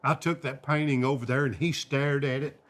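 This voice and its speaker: Older guy spinning stories, average pitch, animated. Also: moderate pace. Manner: animated storyteller, quotes friends in their voices. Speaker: host, singer and painter. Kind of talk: storytelling conversation.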